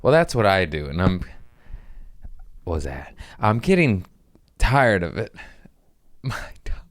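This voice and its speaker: A man's voice: low voice, big pitch swings, a little slow, no echo. A man hosting his own podcast, rambling through a casual comedic monologue with self-mocking asides and playful voice shifts. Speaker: podcast host.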